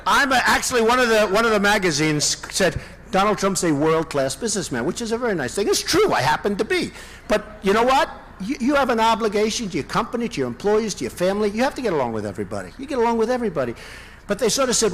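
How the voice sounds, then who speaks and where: A man's voice: high voice, very animated, quick pace, a bit bright. A man giving a campaign rally speech, boastful and rambling, with many asides to the audience. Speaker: political candidate.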